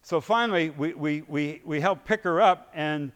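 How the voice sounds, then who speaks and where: A fairly high-voiced man preaching in a big hall whose long echo trails after his words. He tells his story with energy, acting out scenes and swinging between hushed asides and booming peaks. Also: normal speed. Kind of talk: sermon storytelling.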